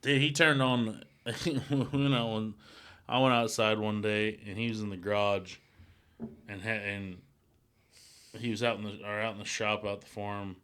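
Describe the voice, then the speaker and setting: Low, bright-voiced man swearing through stories. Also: little pitch movement, normal speed, smooth. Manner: rambling, heavy swearing, laughs through stories. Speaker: podcast co-host. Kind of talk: casual storytelling chat.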